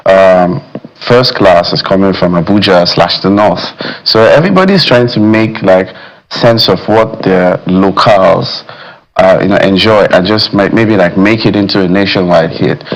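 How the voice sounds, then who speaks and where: A man's voice: low voice, normal speed, low-quality recording. A man, a music critic guest on a studio morning show, speaking thoughtfully and filling gaps with "you know". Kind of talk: studio discussion. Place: television studio.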